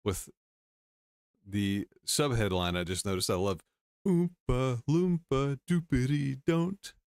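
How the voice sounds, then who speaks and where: A man's voice: fairly low pitch, fairly bright tone, clean tone, dry recording, studio quality. A male host casually reading and commenting on news stories, wry, with chuckling asides.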